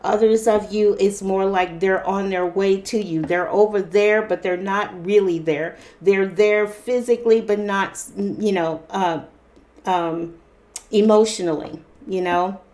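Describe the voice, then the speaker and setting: A woman reads tarot cards aloud for her viewers in a loose, chatty way, speaking straight to them. She keeps repeating herself and breaking in with small exclamations and fillers. Her voice sits at a middle pitch. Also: steady tone, a little slow, darkish tone. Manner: chatty, repetitive, exclaiming "wow" and "interesting"; addresses viewers directly with fillers. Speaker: tarot reader. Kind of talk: casual tarot reading for viewers.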